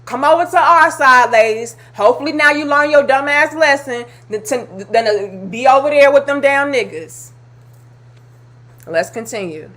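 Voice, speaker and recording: Commentary host, woman, high voice, blunt heated rant, swears a lot. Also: expressive, normal speed, a bit bright. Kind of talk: reacting to clips, ranting commentary.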